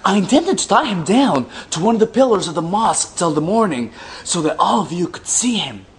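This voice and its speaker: Sarcastic man with a lively voice. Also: high voice. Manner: mocking, dry asides between slow deliberate readings. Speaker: commentator reading hadith aloud. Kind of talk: reading texts with sarcastic asides.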